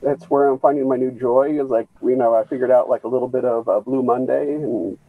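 Halting man on a tinny call line. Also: mid-range voice, steady tone, dry recording. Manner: halting, many restarts, earnest. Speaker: caller on a video call. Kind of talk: rambling casual chat. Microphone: video call.

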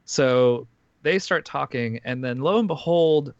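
A man's voice: medium pitch, unhurried, no room sound, dull audio. A man on a podcast, casually recapping a documentary in a rambling way, full of fillers and restarts. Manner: rambling, filler-heavy storytelling with frequent restarts. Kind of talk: casual chat.

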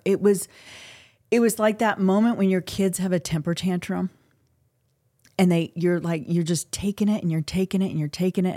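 A middle-aged woman from the United States, a guest on a podcast, telling a personal story in an earnest, halting, emotional way. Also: lowish voice, dark tone, no echo, clean studio sound. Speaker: interview guest. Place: podcast recording.

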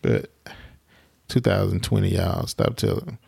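A man's voice: low-pitched, fairly even intonation, measured pace, creaky, dark tone, husky. A man co-hosting a podcast in casual chat, playful and exclaiming, laughing often. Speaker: podcast co-host.

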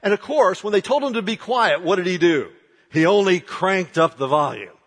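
A pastor delivers a sermon, his husky voice ringing through a large, reverberant hall. He speaks slowly but with a lively, high-reaching pitch. He drops to a near hush, then builds to loud, dramatic emphasis. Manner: dramatic, swings from hushed to shouting.

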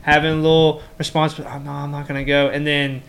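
A man co-hosting a podcast, tossing in quick, playful remarks. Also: on the high side, monotone, vocal fry, a bit bright, slight background noise. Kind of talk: casual podcast chat.

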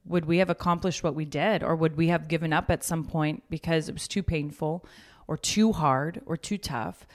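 A woman in her thirties talking as a guest in a casual conversation, telling stories with lively acted-out quotes. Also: sits low, normal speed. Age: 30s. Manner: animated storytelling, acts out quoted voices.

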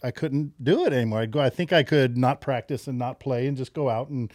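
A man's voice: medium pitch, fairly quick, darkish tone, no echo, studio quality. A middle-aged man telling a story as a podcast guest, laughing often and acting out the people he quotes. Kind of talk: casual storytelling.

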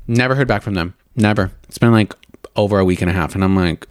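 In a rambling, casual rant, this young makeup podcast and video host talks fast, swears bluntly and throws "like" into every line. His pitch sits a bit low. There's no echo; the sound is dry and close with almost no room in it.

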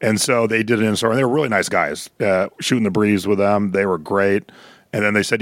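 Middle-aged male podcast co-host, lowish voice, dry close sound, animated storyteller. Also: brisk, no echo. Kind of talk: casual chat.

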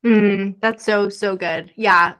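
A woman's voice: mid-range voice, steady tone, slow, fairly bright tone. A young woman co-hosting a podcast, chatting casually and animatedly, laughing often and acting out quotes. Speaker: podcast co-host. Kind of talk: casual chat.

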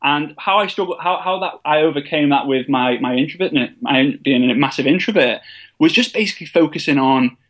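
A man's voice: a little high, a little fast, fairly bright tone. A younger man being interviewed, telling his story in a casual, self-deprecating way with frequent restarts. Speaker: guest, network marketer.

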